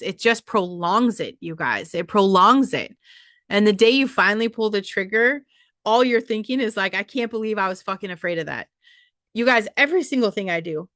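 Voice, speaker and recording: A woman podcast host talks her listeners hard toward risk and faith, blunt and cursing freely. Her voice sits at a middle pitch for a woman. The sound is dry and close, with no room echo. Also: a bit bright. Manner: blunt, profane and exhorting. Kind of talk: motivational monologue.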